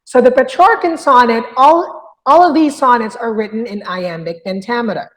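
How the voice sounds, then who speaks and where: A woman's voice: a little high, normal speed. A woman teaching a literature review lesson, explaining step by step and often checking in with "okay?". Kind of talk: recorded lecture. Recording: long hall reverb.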